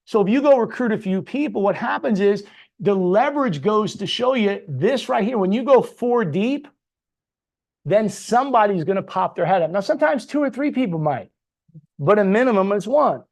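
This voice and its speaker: High-voiced, punchy male sales trainer. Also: lively intonation, moderate pace, creaky. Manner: punchy, full of rhetorical questions and tag "right?". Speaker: business trainer. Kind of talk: motivational sales training talk.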